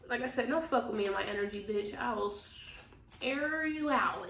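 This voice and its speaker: A high-pitched woman chats her way through a tarot reading, blunt and profane, laughing as she goes. She sounds a little off-mic in a roomy, echoing space with a faint hiss underneath. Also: fairly bright tone. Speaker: tarot reader. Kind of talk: casual tarot reading chat. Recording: echoey room, distant mic, faint noise.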